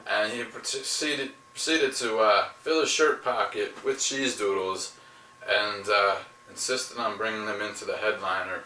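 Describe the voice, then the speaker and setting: A man from New Jersey telling a story among friends, halting with frequent "uh.". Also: on the low side, sharp tone, slight background noise. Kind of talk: casual anecdote telling. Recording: distant, roomy home camcorder audio.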